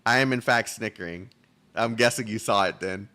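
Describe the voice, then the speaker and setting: A man's voice: fairly low pitch, moderate pace, pauses often, pushed and bright. A man streaming a game, reading its dialogue aloud, tripping over words and laughing at himself between loose, joking banter.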